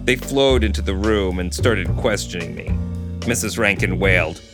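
A man co-hosting a podcast, reading a novel aloud and chatting about it in a relaxed way. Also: sits low, normal speed, music in the background. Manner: relaxed, chuckles between remarks. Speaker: podcast co-host and reader.

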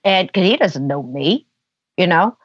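A woman's voice: on the low side, animated, a little slow, husky, no room sound. Chatty woman telling a story, dull sound. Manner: chatty, lots of filler "you know". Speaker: podcast guest. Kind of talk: casual storytelling.

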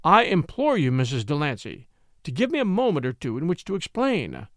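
A genial young lawyer who stays amiable and polite, with a lively rise and fall to his voice, as a male narrator reads him. The voice is close and dry, with no room sound. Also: high-pitched, normal speed, no echo, full character voice.

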